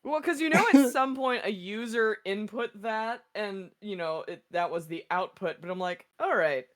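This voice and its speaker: A woman's voice: medium pitch, moderate pace, fairly bright tone. A woman co-host in casual chat, making wry, joking asides.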